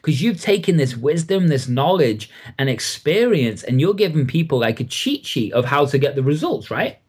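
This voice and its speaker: Enthusiastic English man, higher voice. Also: big pitch swings, moderate pace, darkish tone, breathy edge. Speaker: mindset coach, guest. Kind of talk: podcast interview.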